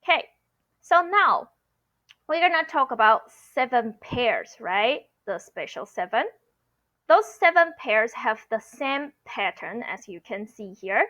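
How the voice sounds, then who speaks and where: Slow-talking teacher woman. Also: on the high side, big pitch swings, sharp tone, dull audio. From Taiwan. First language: Mandarin. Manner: patient, explaining step by step with frequent "okay?". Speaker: Mandarin teacher. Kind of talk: online language lesson.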